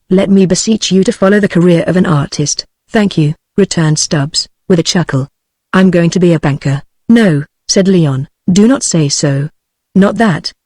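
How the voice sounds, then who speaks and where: A text-to-speech woman's voice with a British English accent, reading a classic novel aloud in an even, machine-read manner. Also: on the low side, no echo, clean studio sound. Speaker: narrator. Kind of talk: synthetic audiobook narration.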